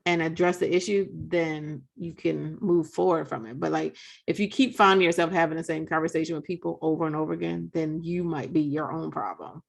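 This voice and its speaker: A woman's voice: deep voice, fairly even intonation, fairly quick, vocal fry. A woman co-hosting a casual discussion, reflective and emphatic, with lots of fillers.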